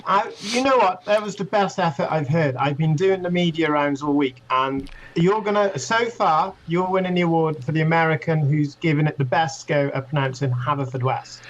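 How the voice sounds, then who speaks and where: Friendly guy guest, kinda high voice, muffled line. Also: normal speed, few pauses, a little hiss or hum. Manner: warm, friendly, enthusiastic. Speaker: guest author. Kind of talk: radio interview.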